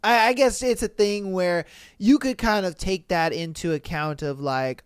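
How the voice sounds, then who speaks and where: A man's voice: high-pitched, measured pace, clean tone, dry recording, clean studio sound. A man hosting a podcast, reading listener posts in casual, slangy commentary with laid-back, chuckling asides. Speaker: podcast host. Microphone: studio podcast mic.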